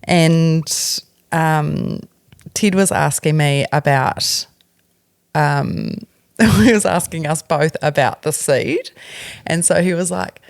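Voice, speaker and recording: A woman's voice: deep voice, takes it slowly, gravelly, dry recording, clean studio sound. A woman, co-hosting a podcast and telling a family story in a frank, laughing way. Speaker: podcast co-host. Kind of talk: casual chat.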